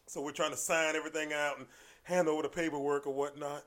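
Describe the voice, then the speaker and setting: A man spinning stories as a podcast guest in relaxed conversation. His voice sits a touch high, and he drops to hushed asides before bursting out loud again. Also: quick pace, few pauses. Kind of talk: casual storytelling in conversation.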